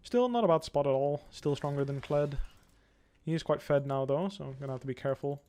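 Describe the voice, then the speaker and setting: A young man giving live commentary while playing a video game, thinking aloud in a calm, analytical way. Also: fairly high pitch, a little fast. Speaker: pro gamer streaming.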